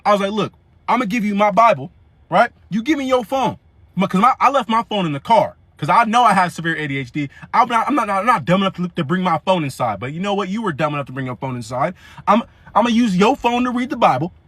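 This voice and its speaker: A young man telling a comedic story in an animated, slangy, rambling way, often restarting his sentences. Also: high-pitched, fast, slightly rough, no echo.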